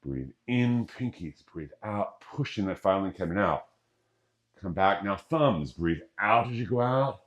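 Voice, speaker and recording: The recording is lo-fi, capturing a middle-aged man with a low, animated voice who speaks a little slowly. As a qigong instructor, he offers casual, jokey breathing cues, narrating each breath step by step.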